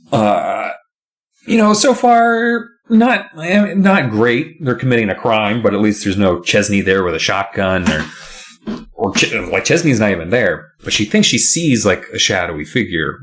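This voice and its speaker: Animated low-voiced man recapping a book. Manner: animated, jokey, does quick silly voices for characters. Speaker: podcast co-host recapping a book. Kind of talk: casual chat.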